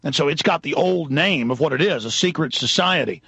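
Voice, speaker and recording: Fiery radio host, husky and gravelly, rants hard, close dry mic. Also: male voice, on the high side, animated, brisk, sharp tone, no echo, dull audio. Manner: fiery, ranting, addresses listeners directly. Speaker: radio talk show host. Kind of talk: impassioned talk radio monologue.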